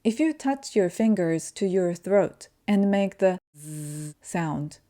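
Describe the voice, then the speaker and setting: A woman whose first language is Japanese gives a pronunciation lesson, speaking slowly and carefully as she demonstrates sounds. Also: lowish voice, warm tone. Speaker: language teacher.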